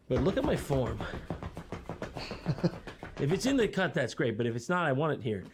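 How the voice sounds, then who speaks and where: A man's voice: sing-song, normal speed, pauses often, background noise. A man giving sarcastic, mock-outraged comedic commentary in a video played during a stream. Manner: mock-outraged, exaggerated swings in pitch.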